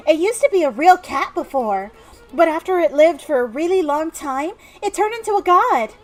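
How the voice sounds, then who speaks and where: A woman voicing a sweet little girl in a video game, high and nasal, telling a sad story in a wistful way. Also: expressive, moderate pace.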